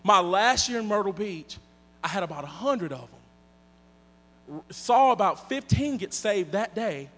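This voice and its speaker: A man preaching a sermon, telling a story in an animated, joking, conversational way. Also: high-pitched, a little slow, long pauses. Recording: long hall reverb.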